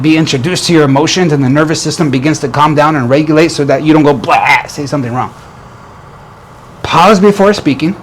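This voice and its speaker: A man's voice: a little high, a little hiss or hum. A man giving an earnest motivational talk as a relationship coach, often restarting and repeating phrases.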